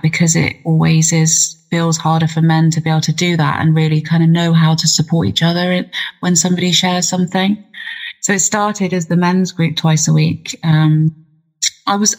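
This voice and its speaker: A woman's voice: fairly low pitch, rough recording. An English woman, a singer and mental health nurse, chatting as a podcast guest and laughing easily. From England. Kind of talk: casual interview chat.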